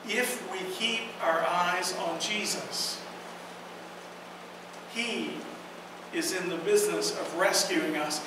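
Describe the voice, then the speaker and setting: A woman pastor preaching a sermon in a church, earnest and emphatic, with slow dramatic pauses. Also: medium pitch, fairly bright tone. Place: church sanctuary. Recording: echoey hall from far off, noisy.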